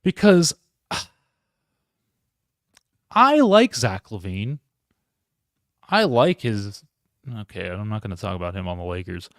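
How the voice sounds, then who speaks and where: A man's voice: on the low side, animated, takes it slowly, long pauses, a bit bright, no echo, clean studio sound. A man hosting a live solo sports reaction stream, rambling, interrupting himself and talking to his chat. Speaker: podcast host.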